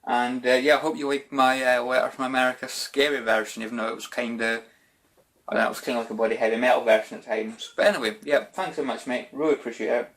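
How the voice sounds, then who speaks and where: A Scottish man chats casually through viewer questions on his channel. His talk is loose and informal, peppered with "bloody" and "mate", in a voice of ordinary middle pitch. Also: fairly even intonation, fast talker, fairly bright tone. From Scotland. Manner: chatty and informal, says "bloody" and "mate" a lot. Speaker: YouTube gaming channel host. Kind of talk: casual Q&A vlog chat.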